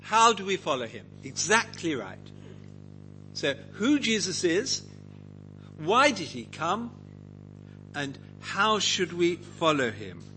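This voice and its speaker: A man's voice: high-pitched, sing-song, slow pace, long pauses, sharp tone, a little hiss or hum, low-quality recording. A man teaching a Bible passage to a group, asking them questions and acting out quotes. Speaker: preacher leading a Bible study.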